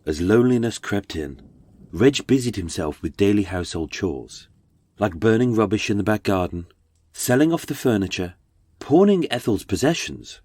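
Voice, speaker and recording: A man's voice: fairly low pitch, darkish tone, slightly rough, no echo, studio quality. A man with a British accent, narrating a true-crime podcast in a dramatic, darkly wry storytelling manner. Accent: British English.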